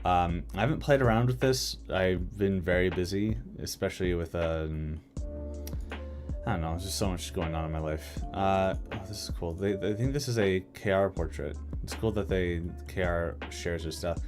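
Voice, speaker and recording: A man's voice: low voice, normal speed, over music. A man talking casually on a live stream, thinking aloud with many fillers and restarts. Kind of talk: casual live-stream chat about a map mod.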